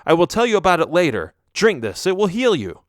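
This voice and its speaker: A man's voice: high voice, big pitch swings, brisk, no echo, clean studio sound, voice pushed up. A man narrating an audiobook voices a brave, impatient young ghost hero in a raised, eager voice. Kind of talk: audiobook character voice.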